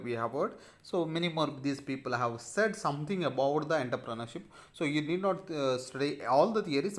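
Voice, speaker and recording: A man with an Indian English accent giving a recorded lecture to students, pausing often with fillers and reading points aloud before explaining them. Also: on the high side, fairly bright tone. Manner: halting, many filler pauses; reads slide text aloud, then explains. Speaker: teacher.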